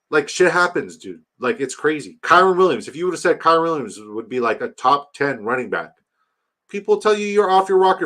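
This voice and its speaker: Animated, foul-mouthed male stream host. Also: a little high. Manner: animated, swears freely, reads chat comments aloud. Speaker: livestream host reading chat. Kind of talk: casual fantasy football livestream chat.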